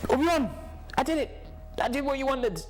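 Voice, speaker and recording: A man voicing a proud, eager young male Jedi who talks in an excited, emphatic way. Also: mid-range voice, unhurried.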